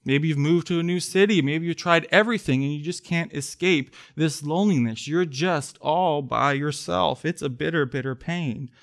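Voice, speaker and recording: Earnest preacher man, slightly high voice. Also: moderate pace, gravelly, few pauses. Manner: earnest, builds to emphatic pleading then drops soft. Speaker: pastor. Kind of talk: sermon. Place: church.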